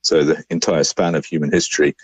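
A man, a scientist, calmly explaining research in an interview. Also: very deep voice, fairly quick, slightly rough, no room sound.

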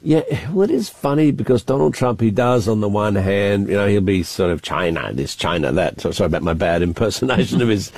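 A man's voice: fairly low pitch, lively intonation, fast talker, hardly any pauses, a little mellow, no room sound. Chatty male foreign correspondent, live. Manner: chatty, thinking aloud with frequent restarts. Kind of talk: live news cross, unscripted analysis. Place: Beijing, reporting remotely.

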